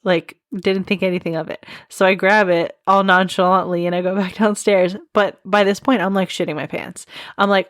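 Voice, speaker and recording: A young woman chats casually on her podcast, rambling through a story with frequent laughs and asides at her own expense. Her voice sits at an ordinary pitch, recorded dry and close with no room sound. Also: level tone, normal speed, a bit bright, no echo. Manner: rambling, laughs often, self-deprecating asides. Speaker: podcast host.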